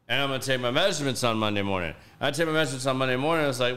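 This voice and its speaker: A man hosting a podcast, telling stories in a casual, profane, animated way. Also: medium pitch, rapid-fire, few pauses. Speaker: podcast host.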